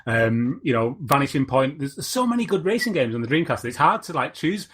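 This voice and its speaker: Husky-voiced man rambling on a podcast. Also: mid-range voice, big pitch swings, a little fast, a bit bright. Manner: rambling, searches for words, many fillers. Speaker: podcast host. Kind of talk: casual podcast chat.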